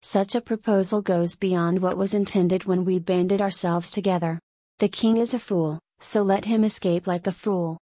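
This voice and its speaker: A woman voicing an obstinate, rough-spoken nobleman who talks bluntly, in a storybook reading. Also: medium pitch, steady tone, moderate pace, dark tone, no echo, lightly acted. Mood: indignant. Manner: blunt, thundering.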